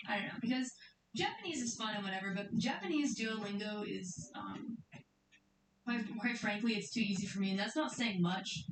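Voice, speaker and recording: A woman's voice: mid-range voice, lively intonation, moderate pace, far from the mic, a little hiss or hum. Chatty woman streamer in an echoey room. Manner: rambling, chatty, giggly. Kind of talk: casual chat.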